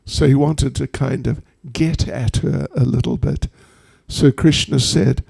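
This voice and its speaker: Slow-talking spiritual teacher guy, gravelly and mellow, joking with the crowd as he tells the story. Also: medium pitch, steady tone. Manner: humorous, chatty asides to audience. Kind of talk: devotional storytelling talk.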